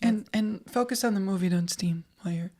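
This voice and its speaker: A woman co-hosting a podcast in casual chat, animated and joking, talking into a podcast microphone. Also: medium pitch, a little fast. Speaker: podcast co-host.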